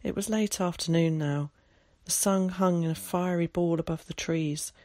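A narrator reading a novel aloud in a measured storytelling manner. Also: medium pitch, fairly even intonation, darkish tone, no echo, studio quality. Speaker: audiobook narrator. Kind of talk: scripted narration.

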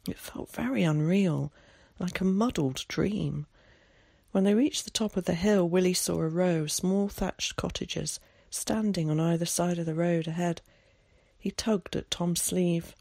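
A narrator reading a novel aloud in a measured storytelling manner. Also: medium pitch, vocal fry, darkish tone, dry recording, clean studio sound. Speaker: audiobook narrator. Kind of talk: scripted narration.

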